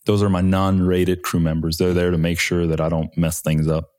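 A man's voice: deep voice, level tone, normal speed, darkish tone. A man, a helicopter pilot, telling war stories in a laid-back, slangy way with casual swearing. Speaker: Chinook helicopter pilot, guest.

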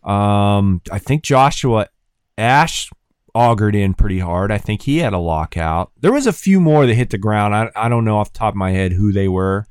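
A man co-hosting a casual podcast, telling lively stories and acting out what people said. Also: on the low side, moderate pace, clean tone, no echo, clean studio sound. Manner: animated storyteller, acts out others' lines. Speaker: podcast co-host. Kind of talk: casual chat.

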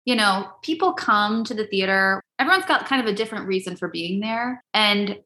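Bright, upbeat woman in an echoey room. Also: mid-range voice, lively intonation, a little fast. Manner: upbeat, laughs often, warm about her group. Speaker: improv theater member, guest. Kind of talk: casual interview.

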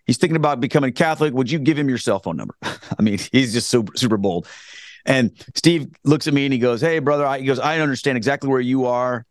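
A man's voice: medium pitch, fast, no echo. A man, earnestly telling his conversion story as a guest, rambling with frequent restarts. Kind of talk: casual spoken testimony.

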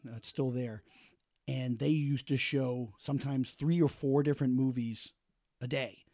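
A man, a podcast host, telling a casual and lively story about watching a film, acting out quotes with lots of fillers. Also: medium pitch, unhurried, no echo. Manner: animated, acts out quotes, many fillers.

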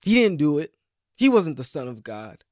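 A man preaching a sermon with passion, swinging between loud pleading and hushed whispers. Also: fairly high pitch, very animated, moderate pace, no room sound, studio quality.

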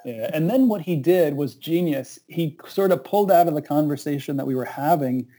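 Dark-voiced man telling his calling story. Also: fairly high pitch, fairly quick, low-quality recording. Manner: earnest, reflective, with animated quoted asides. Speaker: pastor. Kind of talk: conversational storytelling.

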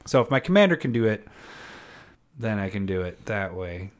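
A man's voice: on the low side, very animated, moderate pace. A man co-hosting a casual card game chat, joking, laughing often and letting sentences trail off. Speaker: podcast co-host.

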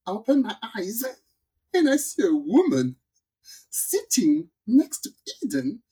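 A woman from the Caribbean hosting a podcast, telling a story in a lively, casual way and acting out the people in it. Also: a little high, a little slow, slightly rough. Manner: animated storyteller, acts out quoted voices. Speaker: podcast host.

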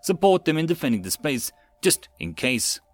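A man voicing a calm, matter-of-fact military officer. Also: on the high side, normal speed, no echo.

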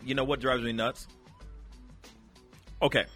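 A man hosting a radio show, chatting casually and addressing the listeners directly with slangy, animated talk. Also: medium pitch, measured pace, soft background music. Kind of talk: casual chat.

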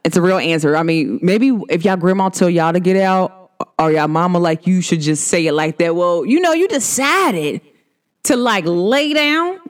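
A woman's voice: fairly low pitch, steady tone, a little fast, darkish tone, clear, resonant tone. A woman in her thirties hosting her own vlog, chatting casually, playful and laughing often. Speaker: vlog host.

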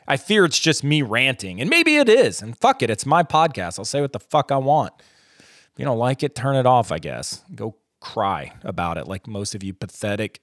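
A man from the United States hosts a solo podcast rant, blunt and profane, his pitch swinging up and down as he gets worked up. He rambles, restarts and trails off. The sound is close and dry, with no room echo. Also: a bit bright. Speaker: podcast host.

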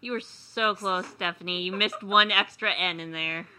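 Bright, low-pitched woman co-host. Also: steady tone, moderate pace. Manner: chatty, runs a spelling game. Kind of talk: casual podcast chat.

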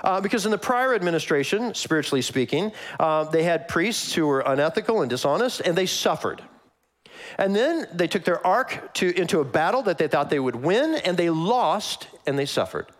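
A man delivers a casual, story-filled sermon from the pulpit. His voice sits a bit high and swings widely in pitch as he acts out little exchanges. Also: normal speed. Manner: conversational and animated, acting out voices in asides. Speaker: pastor.

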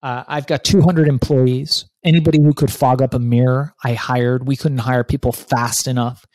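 Animated, profane man telling a story. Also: medium pitch, moderate pace, dry recording. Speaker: guest author. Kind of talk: storytelling interview.

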